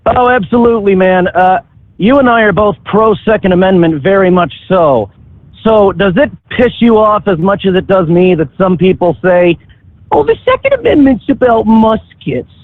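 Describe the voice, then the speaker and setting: Male radio caller, relaxed and opinionated, high voice over a thin phone connection. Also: normal speed, no room sound. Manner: casual, opinionated. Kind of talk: call-in radio talk. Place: outside a barbecue restaurant. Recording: dry tinny phone line.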